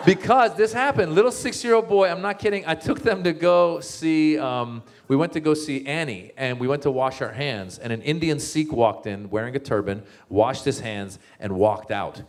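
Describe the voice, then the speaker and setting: A man, a comedian and author, giving a comic talk to a live audience as an animated storyteller with many restarts. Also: mid-range voice, normal speed, hardly any pauses.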